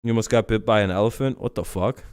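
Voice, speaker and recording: A man's voice: fairly low pitch, quick pace, a little mellow, clean tone, no room sound, clean studio sound. A man hosting a live stream, chatting casually in a profane, laid-back, rambling way.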